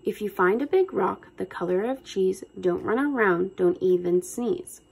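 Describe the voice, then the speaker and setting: A woman voicing a fierce, quick-tempered female mouse who shrieks and yells orders at her brother. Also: mid-range voice, vocal fry, slightly rough. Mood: commanding. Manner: angry, commanding.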